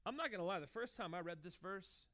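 A man in his thirties preaching a sermon in a conversational, animated way, acting out short dialogues as he goes. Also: high-pitched, quick pace. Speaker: pastor.

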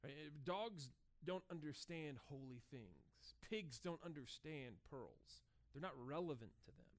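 A man in his thirties preaching a sermon in a conversational, animated way, acting out short dialogues as he goes. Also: a little high, a little slow. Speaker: pastor.

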